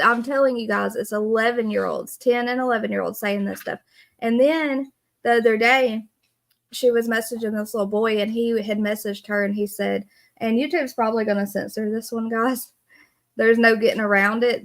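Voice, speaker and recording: Earnest woman streaming live. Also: fairly high pitch. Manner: earnest, greets viewers by name. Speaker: livestream host. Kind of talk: casual live-stream talk.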